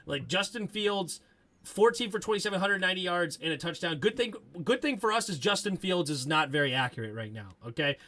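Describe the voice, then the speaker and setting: A man hosting a post-game sports talk show, excitable and sarcastic as he rattles off game stats. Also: high-pitched, brisk.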